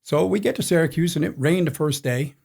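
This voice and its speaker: This racing crew chief, a man in his sixties, has a fairly high, gravelly, somewhat mellow voice and speaks fairly quickly. In a relaxed interview he wanders through stories, laughing frequently.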